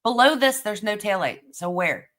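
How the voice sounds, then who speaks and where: A woman hosting a casual commentary stream whose pitch swings widely as she talks. She reacts bluntly, swears freely and questions everything she sees. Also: lively intonation, moderate pace, a bit bright. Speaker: host.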